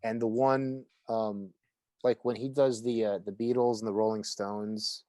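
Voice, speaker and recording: A man's voice: lowish voice, a little slow, no room sound, clean studio sound. A man co-hosting a podcast in a casual, rambling chat about comics. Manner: relaxed, rambling, with frequent fillers and restarts. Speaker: podcast co-host.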